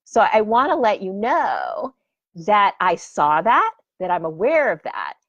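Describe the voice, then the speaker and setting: A woman who teaches flirting and dating, talking casually in an animated, expressive way. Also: medium pitch, a little slow, dry recording, lo-fi sound. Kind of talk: casual talk.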